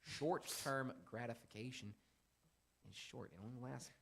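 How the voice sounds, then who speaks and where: A young man in his twenties hosting a casual faith podcast, rambling and animated as he tells stories and acts out quotes. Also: medium pitch, unhurried, gravelly, a little hiss or hum. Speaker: podcast host.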